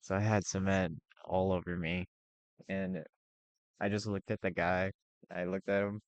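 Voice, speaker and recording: A man's voice: low-pitched, little pitch movement, measured pace, no echo, lo-fi sound. A young man telling a rambling personal story in a casual vlog, full of fillers and restarts. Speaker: vlogger.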